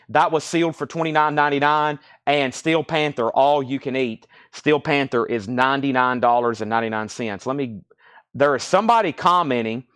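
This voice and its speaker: Running a live vinyl sale, a man with a mid-range, slightly bright voice fires off record titles, prices and bids in fast auction patter, a little breathless throughout.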